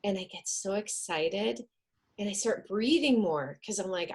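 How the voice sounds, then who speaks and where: A woman on a video call, talking earnestly and then coaching a group through slow counted breathing. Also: mid-range voice, animated, slightly rough. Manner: soft, earnest, counts slowly. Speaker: wellness speaker.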